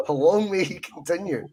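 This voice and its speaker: A Scottish man co-hosting a podcast, talking football in a casual, opinionated and animated way, swearing freely. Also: on the high side, fairly quick. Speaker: podcast co-host.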